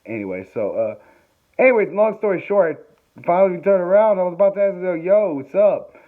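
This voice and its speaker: A man's voice: high voice, lively intonation, fast. Rambling man on a tinny phone recording. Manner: chuckling, swearing, digressive. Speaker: vlogger. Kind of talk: rambling casual storytelling. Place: home during a power outage, candlelit.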